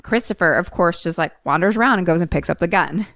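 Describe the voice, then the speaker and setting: Young woman excitedly recapping a film. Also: fast talker, dry recording, clean studio sound. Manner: animated retelling, acts out characters' lines with sudden jumps in pitch. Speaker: podcast co-host retelling a film. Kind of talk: casual chat, recapping a movie plot.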